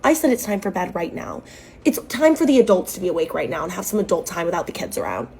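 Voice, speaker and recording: A woman's voice: fairly low pitch, very animated, quick pace, creaky, darkish tone, voice pushed down. A woman quoting a condescending, bossy young woman in a storytime.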